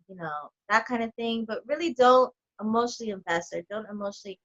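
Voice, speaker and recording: Bright-voiced chatty woman, muffled audio. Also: a little high, fairly quick, few pauses. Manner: animated storyteller, heavy on fillers. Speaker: podcast guest, coaching client. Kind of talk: casual chat.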